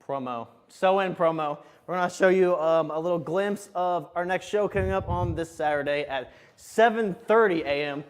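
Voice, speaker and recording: A man's voice: a little high, moderate pace, few pauses, clean tone. A male show host joking his way through a workout, self-deprecating and out of breath. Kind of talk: joking casual chat during a workout.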